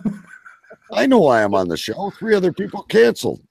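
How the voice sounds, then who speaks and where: A man's voice: high-pitched, wildly swooping pitch, a little fast, gravelly, a little mellow, slightly rough, no echo, clean studio sound. A Canadian man on a livestream podcast as a guest, chatting casually in a joking, self-deprecating way.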